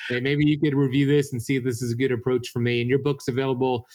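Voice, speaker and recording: A man hosts an interview in a friendly, easygoing way, pointing listeners to links. His voice sits at a middle pitch. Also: little pitch movement, quick pace, darkish tone. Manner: friendly, wrapping up with plugs and links. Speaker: podcast host. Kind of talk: conversational interview.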